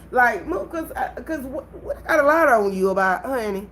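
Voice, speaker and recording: Animated woman venting on a livestream. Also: medium pitch, brisk, hardly any pauses, slight background noise, rough recording. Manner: animated storytelling, talks to viewers directly. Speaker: livestream host.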